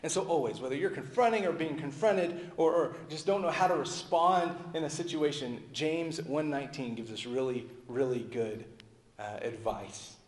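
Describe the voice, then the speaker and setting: A male pastor preaching a sermon in a conversational way, dropping low and soft at the ends of phrases. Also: moderate pace. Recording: echoey hall with long reverb.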